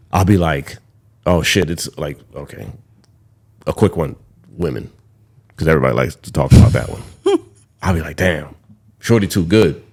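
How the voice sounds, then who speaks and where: Deep-voiced young man ranting on a podcast. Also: a little mellow. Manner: candid, rambling, swears freely. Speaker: podcast host. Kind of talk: casual podcast monologue.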